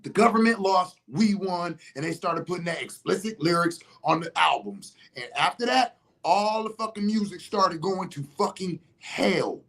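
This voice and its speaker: A young adult man hosting a podcast, telling a story in casual chat, animated and profane, often getting loud and emphatic. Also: high-pitched, normal speed, gravelly. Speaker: podcast host.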